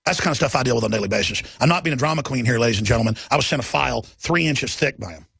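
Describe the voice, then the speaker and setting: A man's voice: mid-range voice, animated, racing, vocal fry, a bit bright, slightly rough. A middle-aged man hosting a talk radio show, ranting in an agitated monologue full of rhetorical questions.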